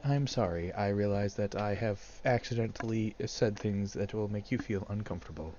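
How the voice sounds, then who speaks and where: Deadpan man on a muffled mic. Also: on the low side, normal speed, a little hiss or hum. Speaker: player. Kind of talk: in-character tabletop play.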